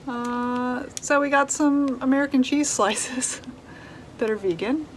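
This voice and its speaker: A woman vlogging casually about food in a relaxed, chatty way with plenty of fillers. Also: sits high, unhurried, low-quality recording. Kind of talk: casual vlog chat. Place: RV kitchen. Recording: background noise.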